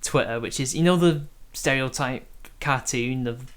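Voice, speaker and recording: A man's voice: mid-range voice, unhurried. A man from Britain hosting a casual live stream, rambling and hesitant, laughing often between points. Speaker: stream host.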